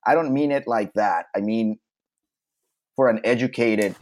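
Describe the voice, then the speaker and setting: A man co-hosting a casual chat, animated and swearing freely, acting out the people he talks about. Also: lowish voice, measured pace. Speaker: podcast co-host.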